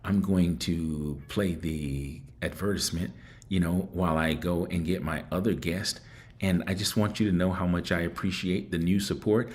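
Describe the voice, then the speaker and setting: Low-voiced man hosting a call-in show. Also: steady tone, moderate pace. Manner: chatty and reflective, often repeats words. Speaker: show host. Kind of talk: casual call-in show talk.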